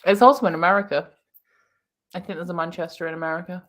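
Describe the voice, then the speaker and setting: A woman's voice: lowish voice, fast talker, fairly bright tone. Giggly Northern English woman. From Lancashire, England. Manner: giggly, rambling, lots of fillers. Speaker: booktube host. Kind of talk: casual livestream chat.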